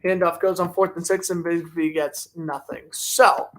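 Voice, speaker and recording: A young man with a high voice does amateur play-by-play of a football game at a moderate pace, running through downs, scores and standings conversationally. He's excitable and gets loudly indignant at the referees.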